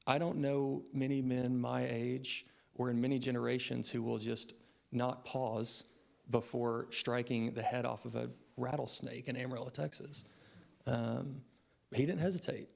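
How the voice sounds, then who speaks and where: A man's voice: mid-range voice, flat delivery, measured pace, creaky. A man in his thirties giving a funeral eulogy for his grandfather, telling stories in a reflective way with frequent "um" fillers. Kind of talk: funeral eulogy, personal storytelling. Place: funeral service.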